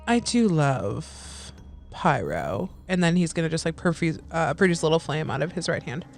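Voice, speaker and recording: A woman's voice: deep voice, steady tone, quick pace, darkish tone, faint music behind. A woman playing a tabletop game who talks chattily and laughs often. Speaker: player. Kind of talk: casual chat.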